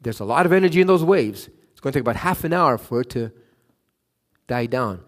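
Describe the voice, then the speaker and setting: A middle-aged man from Canada preaching a sermon, telling Bible stories and a personal story, acting out the quotes and often asking "right?". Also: fairly quick. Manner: animated, acts out quotes with raised pitch, frequent "right?". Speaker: pastor.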